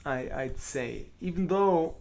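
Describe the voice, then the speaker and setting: Blunt, self-deprecating man, slightly high voice. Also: lively intonation, takes it slowly, creaky, a little mellow. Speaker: cellist answering viewer questions. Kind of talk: live online Q&A.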